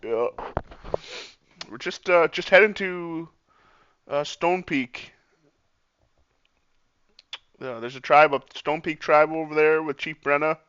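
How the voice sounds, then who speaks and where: A man plays a tabletop game and talks hesitantly, with many fillers. His voice is bright and smooth. It comes through a slightly muffled mic. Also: a little high, slow, pauses often, no room sound. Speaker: player. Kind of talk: tabletop role-play.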